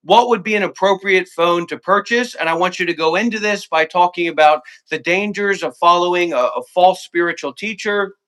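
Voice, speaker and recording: High, sharp-voiced man ranting profanely. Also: normal speed, few pauses. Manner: profane, confrontational and insistent; repeats commands in long lists. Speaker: call-in guest. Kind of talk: heated livestream argument.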